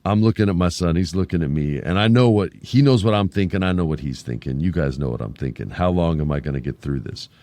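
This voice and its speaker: A man in his forties tells a story on his podcast in a casual, animated way, with jokes and crude asides. His voice sits low. The recording is dry and close, with no room sound. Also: fast, hardly any pauses, no room sound. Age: 40s. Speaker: podcast host.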